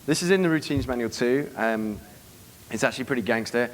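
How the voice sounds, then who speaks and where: Guy talking super fast at a seminar, cocky and sweary, acts out little scenes for the room. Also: mid-range voice. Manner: brash, profane, acts out quoted dialogue. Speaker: dating coach giving a seminar. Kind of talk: live seminar talk to an audience.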